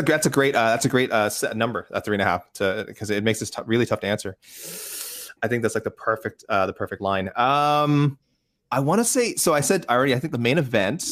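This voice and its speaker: A man chatting casually as a panelist, talking quickly with lots of restarts and rambling asides. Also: mid-range voice.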